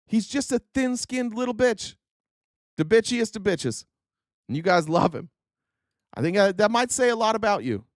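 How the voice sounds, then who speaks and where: A man's voice: high-pitched, big pitch swings, moderate pace, no room sound, clean studio sound. A man hosting a political commentary livestream, ranting with exasperation and profanity as he reads out quotes and mocks them.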